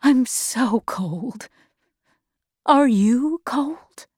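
A woman voicing a sick, gentle mother who speaks softly and slowly. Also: on the high side, animated, breathy edge, no room sound, clean studio sound, full character voice. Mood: shivering. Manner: soft, slow and weary.

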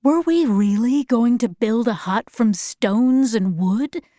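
A woman narrating a story in a measured, even way. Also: a little high, no room sound, studio quality.

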